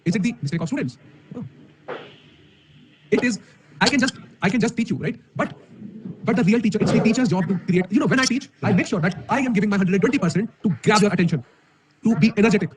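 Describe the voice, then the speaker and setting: Indian English man, coding teacher on a live stream, very fast, fired-up delivery, lots of rhetorical questions. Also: high-pitched, background noise. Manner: energetic, emphatic, rhetorical questions. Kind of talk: live-stream talk to an audience. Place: room alone. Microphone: camera mic.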